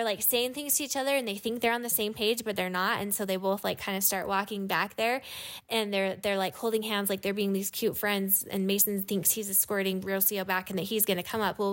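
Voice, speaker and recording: A woman in her thirties, an adoptive mother, telling a family story in a rambling, casual way with lots of "like". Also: medium pitch. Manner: rambling, heavy use of "like", quick asides. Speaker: adoptive mother and podcast guest.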